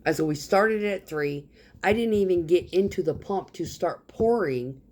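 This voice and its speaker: A woman's voice: lowish voice, expressive, moderate pace, a little mellow. Blunt, cussing woman ranting about work. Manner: profane, blunt storytelling; acts out others' lines in quoted dialogue. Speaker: concrete truck driver. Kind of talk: casual work rant.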